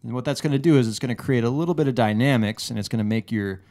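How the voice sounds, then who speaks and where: A man teaching a guitar lesson, explaining a lick step by step in a measured way, often restarting his phrases. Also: medium pitch, darkish tone. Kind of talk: relaxed instructional explanation. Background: guitar playing.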